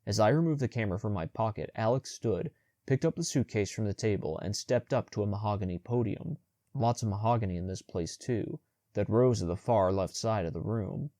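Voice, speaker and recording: A man narrating a young adult audiobook in the first person with steady, measured storytelling. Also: fairly low pitch, no room sound, clean studio sound.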